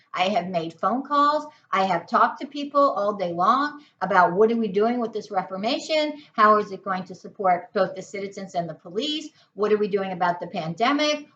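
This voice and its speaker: A woman's voice: mid-range voice, fairly bright tone, highs cut off. An American woman giving an indignant, emphatic opinion monologue to camera, stacking repeated rhetorical questions. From United States. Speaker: political vlogger.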